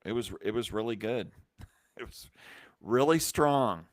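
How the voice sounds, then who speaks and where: A man hosting a live stream, telling a rambling, animated anecdote full of restarts and acted-out quotes. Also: medium pitch, measured pace, no echo, clean studio sound. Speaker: brewery company host. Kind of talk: casual storytelling on a live stream.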